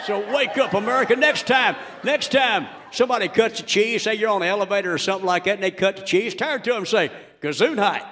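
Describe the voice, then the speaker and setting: A man voicing a crude, indignant middle-aged everyman who rants in a comedic monologue and shouts his punchlines. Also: high-pitched, racing, some chatter behind, slight background noise, pitched above the performer's own voice. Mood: ranting.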